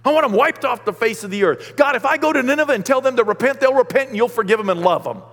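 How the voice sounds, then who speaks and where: A man's voice: medium pitch, very fast, fairly bright tone, long reverb tail, natural voice. A man voicing a stubborn prophet who angrily refuses his mission. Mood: indignant.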